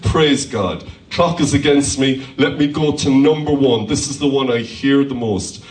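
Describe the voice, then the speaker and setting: A man preaching a lively sermon as pastor in a church hall, calling out hallelujahs. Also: mid-range voice, a little slow. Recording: echoey church hall from far off.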